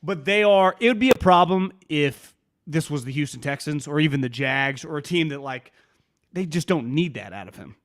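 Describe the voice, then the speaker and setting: Animated man in casual sports chat. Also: fairly high pitch. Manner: fast, animated, full of restarts and quoted asides. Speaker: sports podcast co-host.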